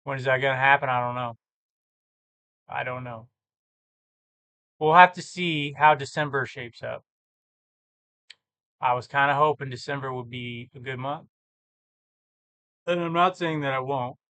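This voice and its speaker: A man with a mid-range voice vlogs about his reselling business, casually thinking aloud and correcting himself as he walks through sales numbers on a screen share. He talks at a normal speed with long pauses, his tone pushed and bright, and there's no room sound.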